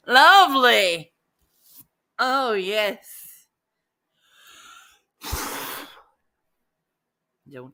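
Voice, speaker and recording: A woman hosting a casual livestream, excitable and chatty, jumping from loud exclamations to quiet muttering. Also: medium pitch. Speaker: livestream host.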